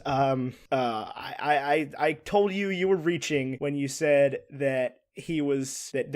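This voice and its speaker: A man co-hosting a casual movie podcast, talking insistently and repeating words as he argues. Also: on the high side. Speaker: podcast co-host. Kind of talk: casual chat.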